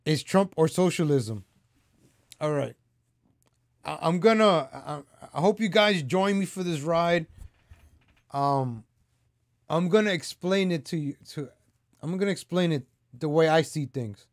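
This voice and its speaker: A man whose voice is a little high speaks slightly slowly with lively intonation and frequent pauses, recorded dry at studio quality. Hosting his own political commentary vlog, he launches into a heated, repetitive rant aimed right at his viewers.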